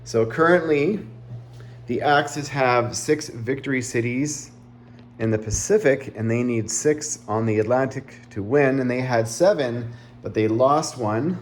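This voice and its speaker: A man giving a relaxed, explanatory summary of a strategy board game round, talking through the map with frequent fillers and asides. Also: mid-range voice, unhurried, roomy sound, slight background noise.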